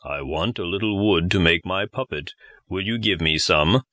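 A man voicing a hot-tempered old male woodcarver in a low, gruff voice for a storybook reading. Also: normal speed, a bit bright, dry recording.

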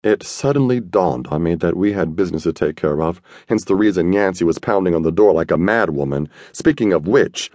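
A man narrating a first-person audiobook in a streetwise, slangy, gruff manner. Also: deep voice, lively intonation, brisk, few pauses, mellow, dry recording, studio quality.

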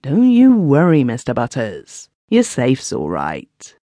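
A man's voice: mid-range voice, huge pitch swings, slow, dark tone, no room sound, heavily acted. A man voicing Migsworth, a pompous widower in an audiobook, speaking firmly and lecturing. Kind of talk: audiobook character voice.

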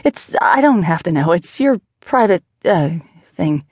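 A woman voicing a flustered, awkward young woman who stammers, squeaky with embarrassment, for an audiobook. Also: sing-song, measured pace, darkish tone, no room sound, clean studio sound, heavily acted. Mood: shocked.

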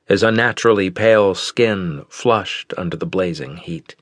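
A man narrating a science fiction audiobook in a measured, steady way. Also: low voice, no echo, studio quality. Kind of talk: scripted narration.

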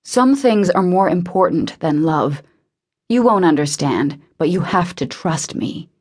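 A woman narrator voices a guarded young man in an audiobook, brooding and sorrowful. He keeps his lines low, short and murmured. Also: lively intonation, measured pace, darkish tone, husky.

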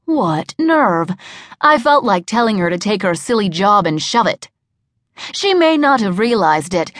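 A woman's voice: medium pitch, no echo. A woman giving wry, comic first-person audiobook narration in a studio. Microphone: studio microphone.

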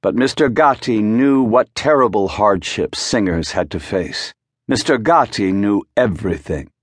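A man narrating an audiobook in a measured, wry storytelling manner, recorded in a studio. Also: fairly low pitch, expressive, no echo. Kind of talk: scripted narration.

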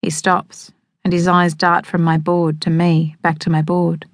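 Woman narrating, low and dry. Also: little pitch movement, no echo. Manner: measured, evocative storytelling. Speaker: audiobook narrator. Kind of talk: scripted first-person narration. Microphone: close studio microphone. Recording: dry close studio sound.

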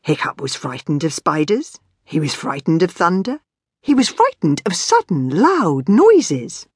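A woman reading her own children's book aloud, with a playful, expressive delivery and whispered asides. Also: on the low side, a little slow, a little hiss or hum. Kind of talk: expressive storybook narration.

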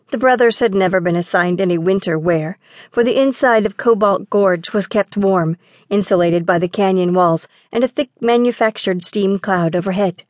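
A woman narrates a children's adventure story in a clear, measured way. Her voice sits at a middle pitch. The studio sound is dry and close, with no echo. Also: darkish tone. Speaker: audiobook narrator.

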